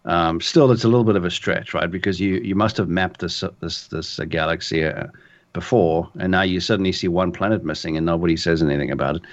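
A man's voice: low voice, steady tone, brisk, muffled recording. A man co-hosting a podcast in casual chat, thoughtful and hesitant. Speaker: podcast co-host.

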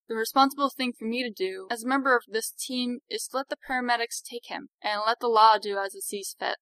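A woman doing a sharp-tongued young healer with a bright, lifted voice, sarcastic and lecturing. The sound is dry and close, like a storybook reading. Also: fairly high pitch, no echo, poor audio.

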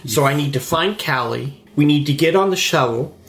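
Excitable spaceship guy, man voicing him, lively pitch, roomy sound. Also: moderate pace. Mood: excited. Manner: breathless, excited rambling. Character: Colum, a frantic male ship passenger.

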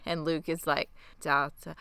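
Lowish woman podcaster, smooth bright voice, dry close mic, wry and mocking recap. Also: animated, brisk, no room sound. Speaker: podcast co-host. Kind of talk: casual TV recap chat.

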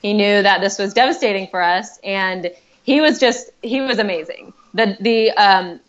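A woman's voice: mid-range voice, moderate pace, dull audio. A woman telling her own story as a podcast guest, chatty and heartfelt, with many fillers and restarts. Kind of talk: personal storytelling.

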